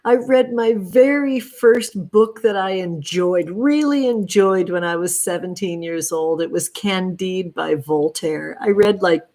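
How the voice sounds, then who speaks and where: Slow, tender-voiced woman livestreaming. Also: mid-range voice, darkish tone. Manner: tender, doting, calls viewers honey and sweetheart. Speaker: tarot reader and livestream host. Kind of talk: affectionate livestream chat. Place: backyard, outdoors.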